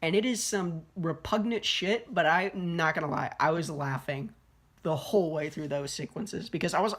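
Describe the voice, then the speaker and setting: A woman's voice: on the low side, normal speed. A young woman giving a casual, rambling film review, swearing freely and full of fillers and restarts. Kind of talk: casual spoken movie review.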